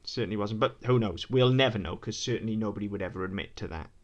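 A man co-hosting a casual podcast in a somewhat low voice. He talks quickly and loosely, stopping and restarting his sentences with frequent ums. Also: dull audio. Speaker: podcast co-host. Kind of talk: casual chat.

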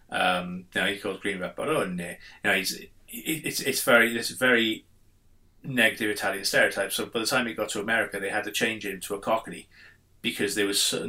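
A man's voice: fairly low pitch, pushed and bright. A man co-hosting a podcast, rambling casually with lots of fillers and blunt swearing. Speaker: podcast co-host. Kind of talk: casual chat.

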